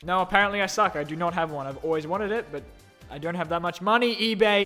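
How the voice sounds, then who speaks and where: A young man with a slightly raised voice hosts a casual Q&A and unboxing video. He is excitable and sarcastic, switching between loud gushing and muttered asides. Soft music plays faintly behind him. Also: high-pitched, fairly quick. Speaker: YouTube host.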